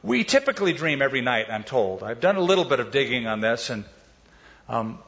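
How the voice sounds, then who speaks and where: A middle-aged male pastor giving a sermon, telling stories in a conversational way and speeding up and slowing down as he goes. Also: medium pitch, big pitch swings, a bit bright. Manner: conversational storytelling, varies pace. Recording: dull sound with long hall reverb.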